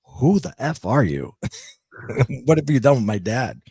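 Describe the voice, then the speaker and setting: A man voicing his startled teenage son, who fires off rapid, high, disbelieving questions. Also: sing-song, a little mellow, slightly rough, no room sound, heavily acted. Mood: incredulous.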